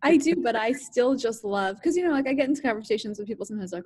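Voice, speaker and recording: A woman co-teaching a text study, talking in a rapid, chatty way full of "like". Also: on the high side, a little mellow. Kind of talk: conversational text discussion.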